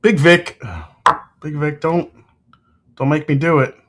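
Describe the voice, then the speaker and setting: A man's voice: a little high, steady tone, slow, a bit bright. A man hosting a casual whiskey livestream, giving tasting notes, joking with chat and swearing freely.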